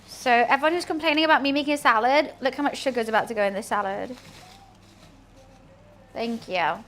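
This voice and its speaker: A woman's voice: a little high, brisk, fairly bright tone. A young woman with a slight lisp, chatting playfully with her stream chat while she cooks. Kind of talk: casual cooking stream chat.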